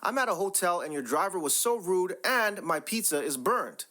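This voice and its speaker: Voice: medium pitch, expressive, moderate pace, bright, forceful tone. A reader voicing a rude, foul-mouthed, demanding woman customer in a narrated story. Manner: curt, profane, demanding.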